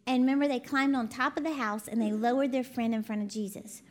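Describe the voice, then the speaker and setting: A high-voiced woman delivers a conversational sermon. She tells folksy stories in a chatty way, often laughing along with her own stories. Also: steady tone, fast talker. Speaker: ministry CEO and preacher.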